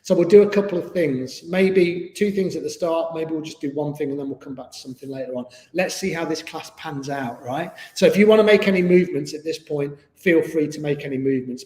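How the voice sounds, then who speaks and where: A man's voice: a little high, a little mellow. A man teaching a live online yoga class in an easygoing, chatty way with many fillers. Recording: echoey room with long reverb.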